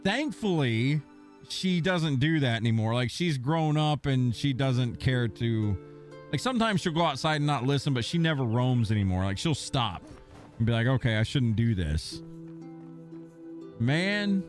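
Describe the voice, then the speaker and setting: A man's voice: medium pitch, big pitch swings, moderate pace, faint music behind. A man streaming a game, chatting casually and telling a long story in a rambling way, swearing now and then. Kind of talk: casual chat while gaming.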